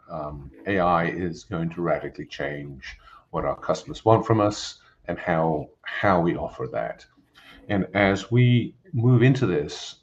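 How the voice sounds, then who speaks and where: Deep-voiced older Englishman, muffled audio. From England. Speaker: company founder and chairman. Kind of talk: webinar introduction. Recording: muffled lo-fi audio with faint noise.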